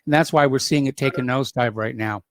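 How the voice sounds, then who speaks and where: A man hosting a call-in radio show, talking at an even middle pitch. His delivery is measured and casual, with the odd hesitant filler. The sound is dry and close. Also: no room sound. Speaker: radio talk show host. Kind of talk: casual talk radio chat.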